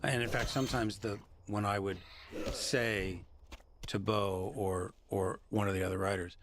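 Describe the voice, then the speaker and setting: A man being interviewed as an actor, telling stories in a lively, reflective way. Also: lowish voice, measured pace, a little hiss or hum. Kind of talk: reflective conversational storytelling.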